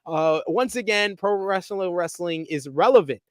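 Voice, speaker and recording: A man putting on a mocking impression of a brash, trash-talking male wrestling star who shouts and swears. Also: high voice, expressive, normal speed, no echo, studio quality. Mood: boastful.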